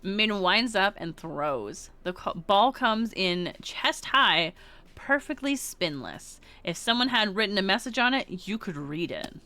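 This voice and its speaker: A woman's voice: medium pitch, sing-song, a little slow, bright, forceful tone. A woman streamer casually reading game text aloud, giggling now and then. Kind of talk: reading a visual novel aloud.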